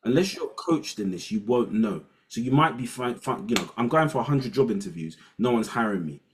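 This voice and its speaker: A man's voice: medium pitch, expressive, brisk, a little hiss or hum. A middle-aged man with a London accent, a guest educator in a casual podcast chat who acts out quoted snippets of dialogue. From England.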